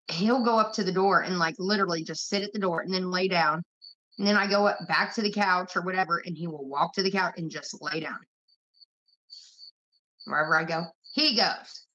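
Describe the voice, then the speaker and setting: A woman's voice: on the low side, pushed and bright. Profane, rambling woman on a lo-fi stream. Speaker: livestream host. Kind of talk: casual chat. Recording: muffled lo-fi stream audio.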